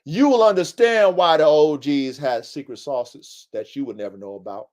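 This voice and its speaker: A man with a high-pitched voice delivers a livestream podcast monologue. He lectures emphatically and preaches to his audience, circling back over the same points in loose, slangy speech. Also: moderate pace, darkish tone. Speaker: podcast host.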